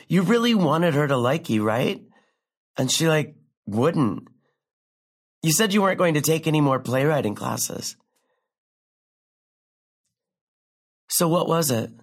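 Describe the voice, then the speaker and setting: An actress playing a catty former classmate at a reunion, fake-sweet and passive-aggressive, saying "like" a lot. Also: female voice, sits low, animated, a little slow, heavily acted. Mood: needling. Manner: peppers speech with "like". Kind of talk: contemporary stage drama dialogue.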